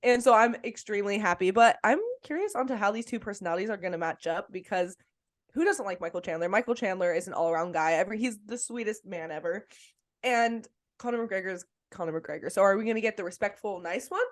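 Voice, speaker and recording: Excitable woman cohosting a fight podcast, chatty and laughing a lot. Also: medium pitch, fast talker. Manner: enthusiastic, laughs often. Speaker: podcast co-host. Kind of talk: casual sports podcast chat.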